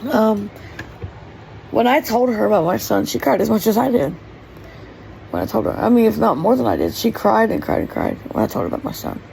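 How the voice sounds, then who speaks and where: A woman's voice: on the high side, big pitch swings, fairly quick, gravelly, a little mellow, a little hiss or hum, poor audio. A woman talking in a heartfelt, tearful personal vlog, rambling with many fillers as she speaks from her kitchen. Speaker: vlogger. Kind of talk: emotional personal vlog monologue. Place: home kitchen.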